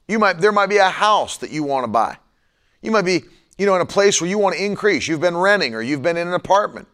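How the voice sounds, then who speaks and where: Preacher guy with a pretty high voice, sermon on a broadcast, says things twice to drive them home. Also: lively intonation, moderate pace, fairly bright tone, clean tone. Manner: repeats lines for emphasis, stretches key words. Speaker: preacher hosting a live broadcast.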